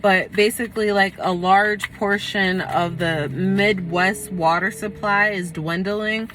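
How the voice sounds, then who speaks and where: A woman's voice: mid-range voice, fairly even intonation, takes it slowly, fairly bright tone, slight background noise. A woman giving a casual tarot reading, rambling and correcting herself as she talks. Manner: rambling, full of fillers and self-corrections. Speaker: tarot reader.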